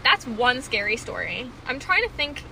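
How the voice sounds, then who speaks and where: A woman's voice: a little high, moderate pace, creaky, a little hiss or hum. A young woman chatting casually as a co-host, reacting with gasps and telling stories packed with fillers. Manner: animated reactions, filler-heavy storytelling. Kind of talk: casual chat. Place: Houston, with rain outside.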